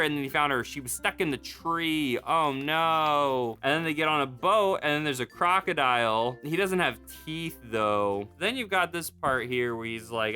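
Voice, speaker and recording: A young man hosting a comedic commentary video, recapping things with sarcastic, deadpan asides. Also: mid-range voice, normal speed, hardly any pauses, faint music behind.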